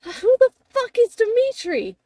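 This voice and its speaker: A woman voicing a pained, foul-mouthed young man, yelling and swearing in a tabletop game. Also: very high voice, big pitch swings, a little slow, voice pushed up, full character voice. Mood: pained angry. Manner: yelling and cursing in pain.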